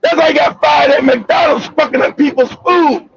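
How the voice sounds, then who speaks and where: A man telling a profane, animated story in a loud, casual way, often laughing. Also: very high-pitched, normal speed, vocal fry, crowd noise. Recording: dull lo-fi recording.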